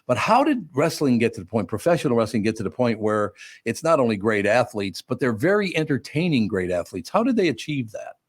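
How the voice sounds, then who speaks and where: A man's voice: medium pitch, very animated, a little fast, few pauses, no echo, clean studio sound. An older man from Minnesota hosting a radio talk show, chatting and telling rambling stories with many restarts. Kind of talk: casual interview chat.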